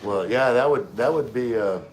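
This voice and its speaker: A man from Louisiana, hosting a casual livestream and answering chat comments in a halting, laid-back way with many fillers. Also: mid-range voice, slight background noise. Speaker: livestream host. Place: room in the Philippines. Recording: echoey room, faint ambience.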